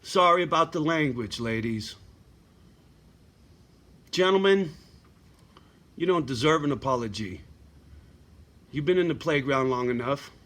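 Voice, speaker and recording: A man's voice: a little high, expressive, measured pace, pauses often, fairly bright tone. A middle-aged man ranting bluntly to his viewers in a profane, surly home vlog. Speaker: vlogger. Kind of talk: profane rant to camera.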